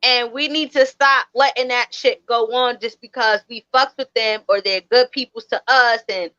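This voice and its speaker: A woman's voice: fairly high pitch, steady tone, moderate pace, bright, forceful tone, muffled recording. A woman co-hosting a podcast in casual chat, blunt and emphatic. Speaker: podcast co-host.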